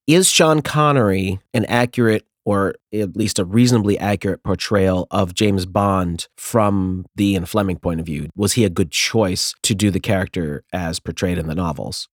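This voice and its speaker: A man's voice: deep voice, moderate pace, hardly any pauses, no echo, studio quality. A man hosting a conversation, setting up topics and asking questions. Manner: inquisitive, framing questions. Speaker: host. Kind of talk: conversational interview.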